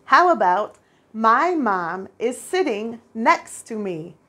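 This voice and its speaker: A woman teaching first graders a spelling lesson, patient and clear, repeating each word for the children. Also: fairly high pitch, very animated, takes it slowly, bright, forceful tone. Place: international school.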